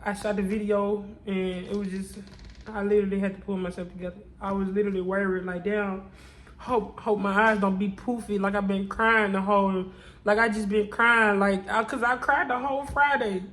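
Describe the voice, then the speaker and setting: A woman's voice: medium pitch, flat delivery, normal speed, a bit bright, low-quality recording. A woman speaking straight to her viewers in an emotional confessional vlog. She sounds tearful and talks in a prayerful, testifying way, repeating her lines over and over. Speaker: vlogger.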